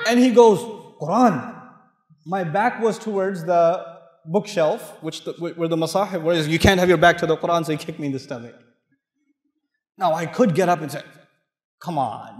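A man from Pakistan giving an animated, humorous sermon, telling stories to a mosque audience. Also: high-pitched. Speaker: Islamic lecturer. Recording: echoey hall with long reverb.

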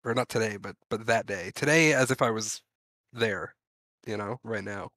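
A man's voice: fairly low pitch, moderate pace, pushed and bright, dry recording. A man co-hosting a podcast, laid-back and blunt, swearing freely. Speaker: podcast co-host. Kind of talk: casual podcast chat.

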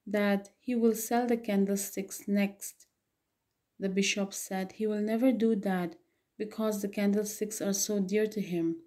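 A woman's voice: medium pitch, warm tone. A woman teacher explaining and reading a play aloud to her students, with frequent okay and so. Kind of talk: literature lesson reading a play.

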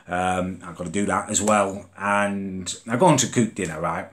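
A man's voice: low-pitched, unhurried. A young Englishman venting in a vlog, exasperated and indignant as he rants about his mother. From England. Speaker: vlogger. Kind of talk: comedic rant vlog.

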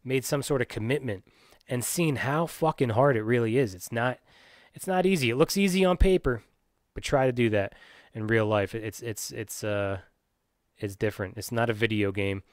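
Podcast host, male, middle pitch, from Pennsylvania; swearing rambling rant, dry close mic. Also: moderate pace, no room sound. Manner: profane, ranting, many restarts and fillers. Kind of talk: ranting solo podcast.

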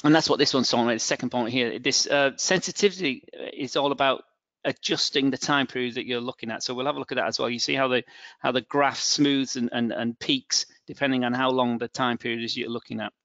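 A man's voice: mid-range voice, fairly even intonation, brisk, a bit bright, dry recording. A middle-aged man with a northern English accent presenting a live trading webinar, hesitant and full of fillers and restarts. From England. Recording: dull, dry, lo-fi webinar audio.

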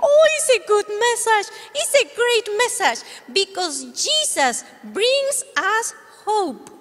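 A woman voicing an excitable, cheerful puppy dog puppet that barks and talks in a high, bouncy, eager voice. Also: slow, long reverb tail, heavily acted. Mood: happy. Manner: eager, exclamatory.

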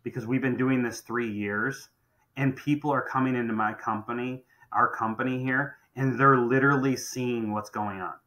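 A middle-aged contracting business owner talks emphatically on a podcast, often repeating phrases as he starts over. His mid-range voice is steady, bright and forceful at a normal speed, though the audio is poor.

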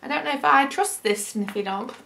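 Bright-voiced woman reading story time. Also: high-pitched, a little fast, creaky. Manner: gentle, chatty asides to young listeners. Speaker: teacher reading a picture book. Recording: roomy echo.

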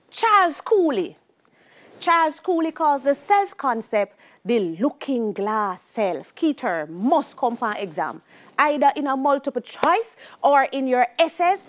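High-voiced Jamaican woman teaching. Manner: lively, shifts into patois for anecdotes. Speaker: sociology teacher. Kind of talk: exam-prep lecture.

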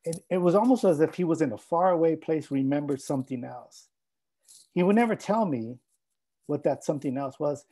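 Husky-voiced man telling a heartfelt story. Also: on the high side, expressive, brisk, warm tone, rough recording. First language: Spanish. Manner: reflective, heartfelt, mixing in Spanish phrases. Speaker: scholar and speaker. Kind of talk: personal storytelling talk.

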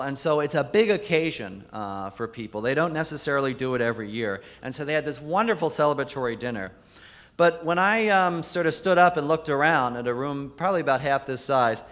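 A man's voice: on the high side, a bit bright. A man, a Jesuit priest, giving a keynote talk full of funny anecdotes, dropping his voice to deliver quoted punchlines. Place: large conference hall. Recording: long hall reverb.

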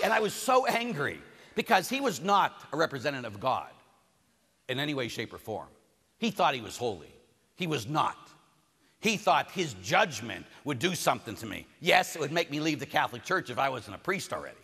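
A man, a priest, giving a conference sermon and telling stories lively, acting out the people he quotes. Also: a little high, a little fast, breathy edge. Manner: animated storytelling, acts out the people he quotes. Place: large conference hall. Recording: hall reverb from a venue PA.

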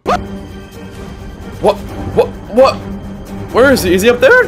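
A young man narrating his gameplay in a loud, excitable, trash-talking way, full of slang. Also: very high-pitched, slow pace. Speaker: gaming video creator. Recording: game music underneath.

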